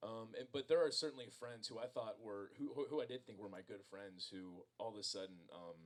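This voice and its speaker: A man's voice: fairly low pitch, brisk, fairly bright tone. Rambling man telling a story to a crowd. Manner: rambling, self-deprecating, many fillers and restarts. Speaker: author speaking at a book event. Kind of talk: casual storytelling to an audience. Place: bookstore event room.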